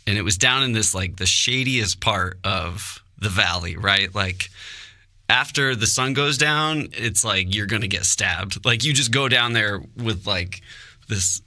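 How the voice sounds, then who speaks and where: A man's voice: on the low side, unhurried, dry recording, studio quality. A man hosting a podcast, chatting casually and telling stories with lots of fillers. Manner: relaxed storytelling, many fillers. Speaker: podcast host. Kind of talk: casual chat.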